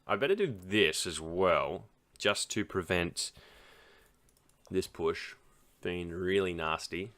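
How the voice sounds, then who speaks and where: Low-voiced man talking through chess moves. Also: animated, slow, long pauses, a bit bright. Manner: thinks aloud through moves, chatty asides. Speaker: chess streamer. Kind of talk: casual live game commentary.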